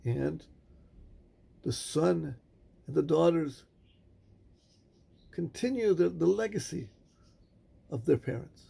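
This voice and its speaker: A rabbi delivers a sermon and tells its story in measured phrases with dramatic pauses. His voice is strongly gravelly and husky, and it is fairly high for a man. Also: expressive, warm tone.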